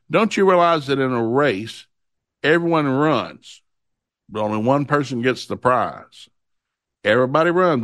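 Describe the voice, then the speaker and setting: A middle-aged man delivers a sermon in a storytelling way, turning lively when he acts out moments from his family life. He reads scripture slowly and with weight. His voice sits at an ordinary pitch and is recorded dry and close, with little room sound. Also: no echo. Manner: storytelling, animated when acting out anecdotes; reads Bible verses slowly and emphatically. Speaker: preacher.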